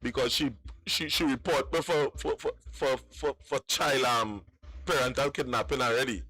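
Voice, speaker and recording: A man's voice: mid-range voice, normal speed, sharp tone, breathy edge. Man telling his story. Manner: rambling, repeats words in Creole English. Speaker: caller.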